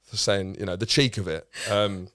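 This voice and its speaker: Male comedian, low voice, rambling anecdote, dry close sound. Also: steady tone, moderate pace, fairly bright tone, dry recording. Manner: rambling, restarts, swears freely. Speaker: comedian guest. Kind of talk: casual anecdote telling.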